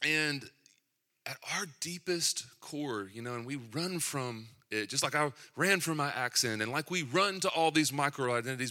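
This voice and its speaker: Bright-voiced pastor preaching to his church. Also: medium pitch. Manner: conversational, self-deprecating asides. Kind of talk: sermon.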